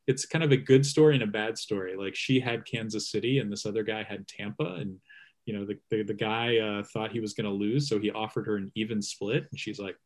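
A man's voice: on the low side, fairly even intonation, a little fast. A man hosting a casual conversation, rambling with frequent fillers and restarts.

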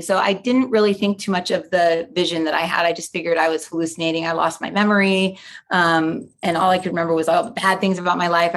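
Chatty woman telling a personal story. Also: lowish voice. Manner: chatty, lots of "like" and "you know", acts out quotes. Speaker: guest. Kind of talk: storytelling in a casual interview.

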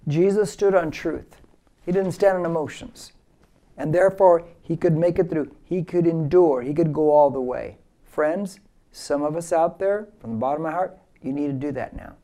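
Man, pastor, emphatic sermon, leads call-and-response, mellow tone, slight fry. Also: fairly high pitch, normal speed. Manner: emphatic preaching, leads the audience in repeating phrases. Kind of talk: verse-by-verse sermon.

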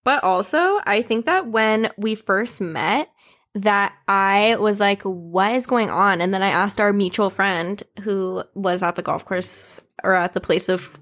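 A woman's voice: mid-range voice, a little slow, a bit bright. Brief: young woman, podcast co-host, casual banter, frequent laughs, mimics other people's lines. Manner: laughs often, acts out quoted dialogue. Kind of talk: casual chat.

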